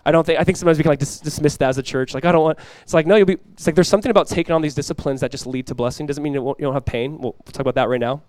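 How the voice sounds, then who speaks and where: A young adult man preaching a sermon as pastor, energetic and conversational, often restarting his phrases. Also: a little high, rapid-fire, hardly any pauses, no room sound.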